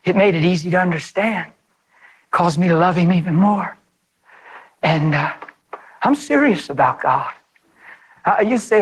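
A man preaching a sermon, fervent and animated, speaking straight to his listeners and acting out prayers. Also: unhurried, pauses often, husky, poor audio. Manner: fervent, animated, voice leaps high when excited; addresses listeners directly and acts out prayers.

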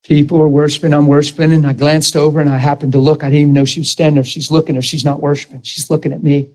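A man, a pastor, preaching a sermon and telling a personal story in an earnest, emotional way. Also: very fast. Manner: earnest and emotional, swinging to high excited outbursts.

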